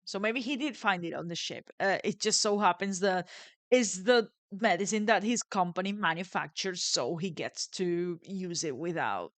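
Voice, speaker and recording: A woman's voice: lowish voice, moderate pace, no echo. A woman giving casual let's play commentary, reading the game's text aloud and wondering aloud about the story. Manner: chatty, musing, wondering aloud.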